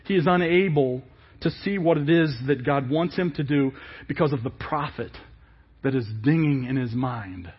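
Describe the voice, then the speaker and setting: A male pastor preaching a sermon in an animated way, asking many rhetorical questions. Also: on the high side, moderate pace, husky, dull audio.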